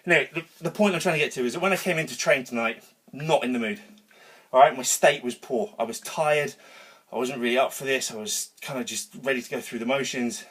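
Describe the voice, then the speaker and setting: A man giving an energetic, rambling motivational talk to camera in his home garage gym, worked up after a workout and swearing casually. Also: medium pitch, a little fast. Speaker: vlogger.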